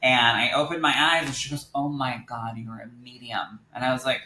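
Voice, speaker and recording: Young male interview guest, bright and animated storyteller, quotes others in character; roomy recording. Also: mid-range voice, moderate pace. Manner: animated, quotes others in lively voices, laughs easily. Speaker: psychic medium guest. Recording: echoey room with faint noise.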